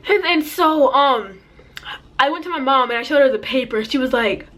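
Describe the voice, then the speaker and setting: A teenage girl telling an animated, slangy storytime, putting on voices for the people in it. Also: high voice, moderate pace. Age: teens. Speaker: vlogger. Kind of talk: storytime vlog.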